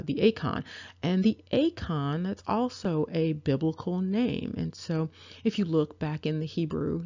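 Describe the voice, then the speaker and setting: A woman giving a measured, explanatory lecture over a map, with frequent fillers. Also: low voice, mellow. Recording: dull lo-fi audio.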